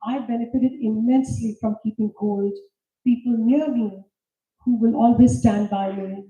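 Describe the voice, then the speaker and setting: A woman's voice: fairly high pitch, fairly even intonation, normal speed, mellow. Assertive woman in an echoey hall. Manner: emphatic, self-assured, repetitive. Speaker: conference speaker. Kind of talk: keynote talk on leadership. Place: large lecture hall. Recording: roomy, distant, dull hall recording.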